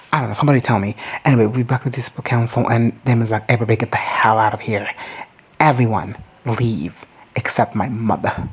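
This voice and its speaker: Husky voice ranting through a TV recap. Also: mid-range voice, rough recording. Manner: rambling, profane and joking. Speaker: TV show recap commentator. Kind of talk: casual comedic recap.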